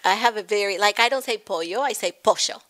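A woman from Argentina with an Argentine Spanish accent, a guest chatting casually and animatedly about her home cooking. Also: quick pace. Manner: animated, laughs often, lively pitch jumps. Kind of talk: casual chat.

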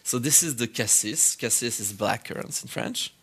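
A man on a podcast as a guest, explaining a drink in a casual chat, pausing often with fillers. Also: medium pitch, animated, a bit bright, husky. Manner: hesitant, many fillers, explanatory. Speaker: wine guest.

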